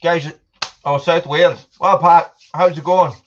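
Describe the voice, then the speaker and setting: A chatty man from Britain hosts a casual live stream from home, greeting viewers and eating popcorn between lines. His voice sits a little high. The sound is dull and lo-fi. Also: fairly even intonation, measured pace, slight background noise. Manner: chatty, reads out viewer names, eats popcorn while talking. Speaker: livestream host.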